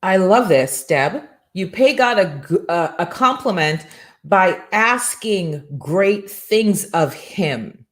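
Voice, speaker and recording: A woman's voice: fairly low pitch, animated, takes it slowly. A middle-aged woman hosting a morning show, giving a faith-based motivational talk with an emphatic, preacherly rhythm and repeated rhetorical questions.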